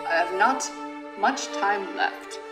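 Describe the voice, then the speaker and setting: A woman's voice: mid-range voice, lightly acted, poor audio. A woman voicing a dying male doctor who reads his farewell letter formally, in a loose put-on German-tinged accent. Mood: grave. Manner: formal, measured letter reading. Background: game music.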